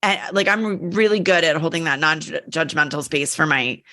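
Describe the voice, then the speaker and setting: A woman's voice: deep voice, normal speed, bright, forceful tone. A woman hosting a podcast, chatty and self-deprecating as she sets up her questions. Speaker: podcast host. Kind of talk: casual interview.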